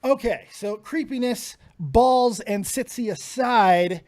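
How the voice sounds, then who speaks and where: A man's voice: very high-pitched, takes it slowly, no echo, studio quality. A middle-aged man co-hosting a casual podcast, swearing freely and laughing often. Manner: profane, laughs often, excitable. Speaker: podcast co-host.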